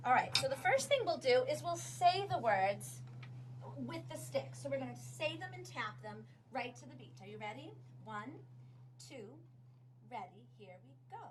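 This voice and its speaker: A woman's voice: sits high, big pitch swings, moderate pace, background noise. A woman music teacher leading a classroom demonstration with young students, upbeat and coaching as she counts them in.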